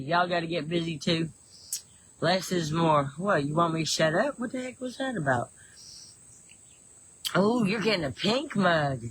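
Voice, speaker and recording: A woman's voice: low-pitched, noisy background. An older woman with a Southern drawl chats loosely on a home livestream, answering viewer comments as she goes. Her talk wanders, doubles back on itself and breaks into easy laughter. Faint crickets and insects chirp in the background. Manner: rambling, chatty, many restarts, laughs easily. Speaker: livestream host. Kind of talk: casual chat reading viewer comments. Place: home in the woods.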